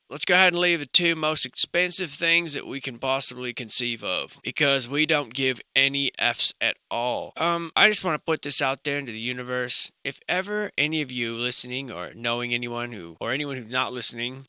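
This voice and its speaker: A man's voice: mid-range voice, clean tone, no room sound. A young man giving rambling, self-mocking comic commentary over a photo slideshow. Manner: wry, self-mocking, tangent-prone, animated swings in loudness.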